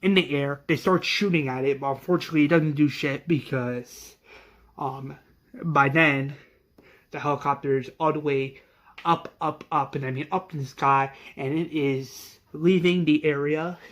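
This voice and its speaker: A man's voice: on the high side, steady tone, moderate pace. A man casually retelling the plot of his fan series, rambling with many fillers and restarts.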